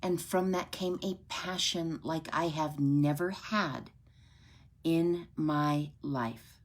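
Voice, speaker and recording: A woman's voice: low-pitched, takes it slowly. A woman sharing her personal story with her followers in an earnest, heartfelt way, often checking in with "right?".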